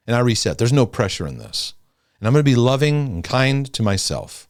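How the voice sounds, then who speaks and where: Animated man teaching on faith and stress. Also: brisk, no room sound, studio quality. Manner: animated, drops soft and low when confiding, talks to God aloud. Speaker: Christian mental health teacher. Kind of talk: casual teaching monologue.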